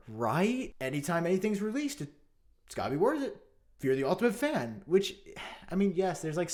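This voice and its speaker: A man vlogging to camera in a mock-outraged, sarcastic commentary, theatrical and swinging between loud jabs and muttered asides. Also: mid-range voice. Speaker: tech vlogger.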